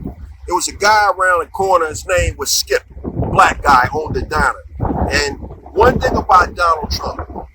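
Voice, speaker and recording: A man with a fairly high pitch performs a storytelling comedy monologue, keeping it loose and animated while often asking "right?" The background is noisy.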